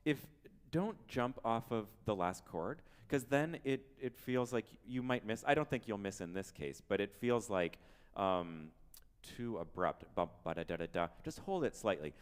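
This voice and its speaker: A man teaching a piano masterclass, humming and singing phrases to show the student how a passage should go, with gentle encouragement. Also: fairly low pitch, expressive, measured pace, clean tone. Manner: sings and hums phrases to demonstrate, gentle encouraging coaching. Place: piano showroom recital space. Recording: roomy hall with piano playing. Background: piano playing.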